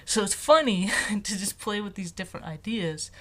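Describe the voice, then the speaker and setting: Transgender man, light-hearted halting vlog musings. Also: sits high, expressive, bright, forceful tone. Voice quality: voice in a typical female range, not on hormones. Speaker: vlogger. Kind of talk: casual vlog monologue.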